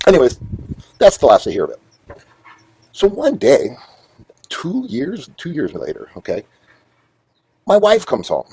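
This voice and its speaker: A middle-aged man hosting his own show, telling a long story in a rambling, profane, animated way. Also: fairly high pitch, a little slow, long pauses, slightly rough, dry recording, rough recording. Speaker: host. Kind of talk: casual storytelling monologue.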